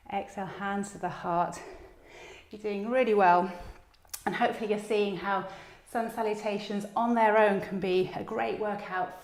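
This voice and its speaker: Yoga teacher, woman, calm encouraging cues, a bit breathless, echoey room. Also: medium pitch, gravelly. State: slightly out of breath. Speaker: yoga instructor. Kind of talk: guided yoga class instruction.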